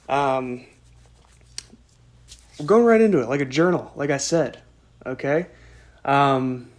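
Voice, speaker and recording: A man chatting alone on his own podcast in a loose, meandering way. He cuts himself off mid-sentence, wanders into side notes and laughs at his own stories. His voice sits at an ordinary middle pitch. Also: a little mellow. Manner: rambling, self-interrupting, with asides and laughs. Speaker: podcast host. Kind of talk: casual solo podcast chat.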